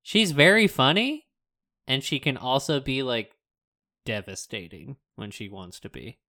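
A man's voice: mid-range voice, expressive, a little slow, pushed and bright. A young man co-hosting a podcast in casual chat, enthusiastic and talking himself into his own ideas. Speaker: podcast co-host.

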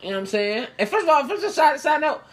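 A woman's voice: high-pitched, big pitch swings, rapid-fire. A woman, co-hosting a casual chat with blunt, joking, profane banter.

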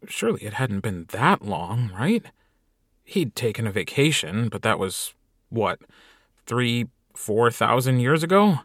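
A man's voice: medium pitch, very animated, a little slow, fairly bright tone, no echo. A man narrating an audiobook story in a dry, wry storytelling manner.

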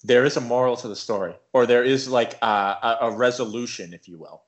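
A man's voice: mid-range voice, fairly quick, highs cut off. A young man co-hosting a podcast, talking in laid-back, joking banter. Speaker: podcast co-host. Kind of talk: casual chat.

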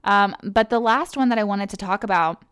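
A woman's voice: medium pitch, fairly quick, a bit bright, clear, resonant tone, no echo, clean studio sound. A young woman from Kentucky hosting her own podcast, talking in a chatty, rambling way with lots of fillers and self-corrections. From Kentucky, USA. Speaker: podcast host. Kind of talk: casual solo podcast monologue.

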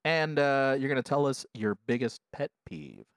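A young man hosting a jokey podcast in a mid-pitched voice. He teases his friends and slips into a mock game-show announcer tone. The sound is dry and close, with no room echo. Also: very animated, moderate pace. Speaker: podcast host. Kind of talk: casual comedic podcast chat.

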